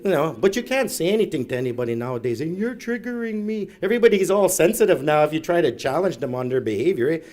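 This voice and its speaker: Man, middle-aged, stand-up storytelling, rambling, self-mocking, fairly high voice. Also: big pitch swings, very fast, hardly any pauses, darkish tone. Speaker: comedian. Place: live event room.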